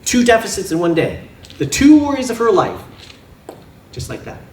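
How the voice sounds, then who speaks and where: A man preaching a sermon in a church, animated and often laughing as he makes his points with props and playful sound effects. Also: high voice, moderate pace, roomy sound, far from the mic. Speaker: pastor. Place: church sanctuary.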